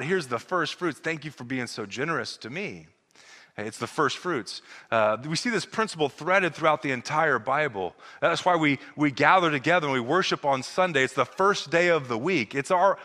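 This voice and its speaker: A man preaching a sermon as pastor, earnest, often repeating words and dropping to a soft, intimate tone. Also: on the high side. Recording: long hall reverb.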